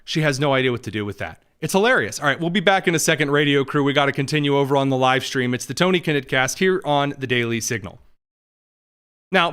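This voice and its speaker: A male host delivers political commentary with sarcasm and mocking jokes. His voice is smooth and clear and sits a little high. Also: fairly bright tone. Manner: quick, mocking, jokey asides.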